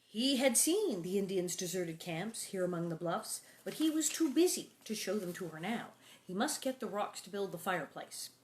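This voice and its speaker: A middle-aged woman reads a children's book aloud and often breaks off to chat about it. She adds playful sound effects and now and then drops to a soft whisper. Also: mid-range voice, lively intonation, moderate pace. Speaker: reader and host.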